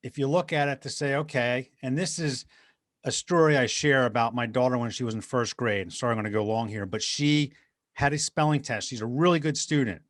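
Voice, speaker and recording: A middle-aged man speaking as an interview guest, sharing anecdotes in an earnest, conversational way. His voice sits at an ordinary pitch and sounds dry and close, with no room echo. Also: fairly quick. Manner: earnest, anecdotal, addresses host by name.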